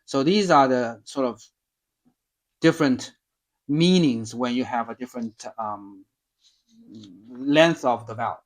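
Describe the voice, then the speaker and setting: A man talking through his own language notes in a casual, halting way, full of ums and restarts. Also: mid-range voice. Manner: slow, hesitant, many ums and restarts. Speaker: language learner reviewing lessons. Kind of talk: casual self-study explanation.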